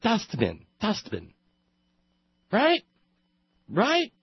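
A man doing a high, affected mock-British voice as a smug, prissy Englishman. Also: wildly swooping pitch, slow, husky, dry recording, lo-fi sound, heavily acted. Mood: mocking posh.

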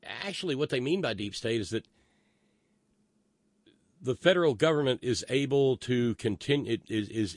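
A man's voice: on the low side, no echo, clean studio sound. A man hosting a podcast, giving sardonic, profane political commentary that rambles with many restarts. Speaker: podcast host.

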